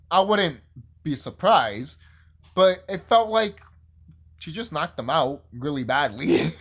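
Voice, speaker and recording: A man casually reviewing a TV show on his channel, excitable and profane, rambling and gushing. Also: fairly high pitch. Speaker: YouTube reviewer.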